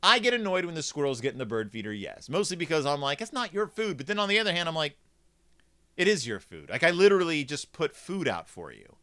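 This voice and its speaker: Snarky, animated man reviewing a book. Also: a little high, fast, few pauses. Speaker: host reviewing a children's book. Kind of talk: comedic book commentary.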